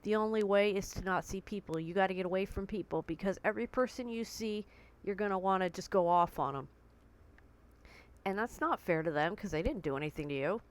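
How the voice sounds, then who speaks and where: A woman's voice: mid-range voice, brisk. Candid woman talking in her bedroom. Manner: candid and conversational, with vivid comparisons. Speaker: vlogger. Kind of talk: personal talk to camera. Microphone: tablet recording.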